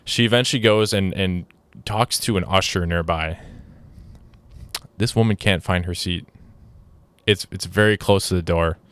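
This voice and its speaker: A man's voice: low voice, moderate pace, pauses often, a bit bright, no room sound. A young man hosting a podcast, telling a story in a casual, rambling way with many restarts, sounding exasperated. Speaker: podcast host.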